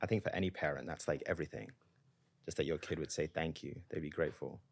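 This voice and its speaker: A man hosting a podcast interview, speaking in a gentle, measured way. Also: very deep voice, vocal fry, no room sound. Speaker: podcast host.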